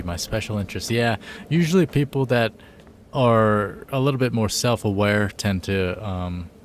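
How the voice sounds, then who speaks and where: A tipsy man streaming a game live, chatting in a rambling, profane, loose way. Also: lowish voice. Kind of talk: casual live-stream chat.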